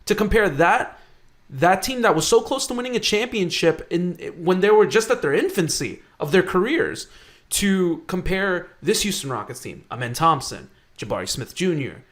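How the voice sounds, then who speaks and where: A man co-hosting a sports podcast, talking excitably in casual chat, often restarting and swearing. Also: high voice, moderate pace. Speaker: podcast co-host.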